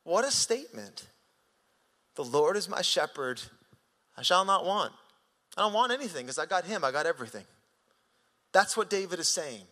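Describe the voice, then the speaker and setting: A male pastor preaching a sermon in an animated, conversational way, swinging from sudden rises to quiet drops. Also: a little high, a little fast, long pauses, in a large hall.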